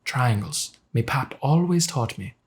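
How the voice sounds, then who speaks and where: A man putting on a calm, soothing cooking-video man. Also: mid-range voice, noisy background, close to an everyday voice. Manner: slow, unbothered, gentle delivery. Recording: echoey room.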